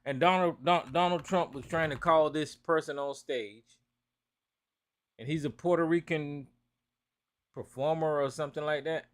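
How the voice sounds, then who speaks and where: A man's voice: fairly high pitch, a little slow, pauses often, fairly bright tone. A man from North Carolina, hosting a call-in talk show and ranting profanely about politics.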